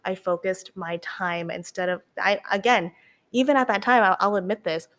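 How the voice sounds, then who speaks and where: A young woman talking candidly as a podcast guest, animated, with lots of fillers and the odd swear. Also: medium pitch, normal speed. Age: young adult. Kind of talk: candid casual chat.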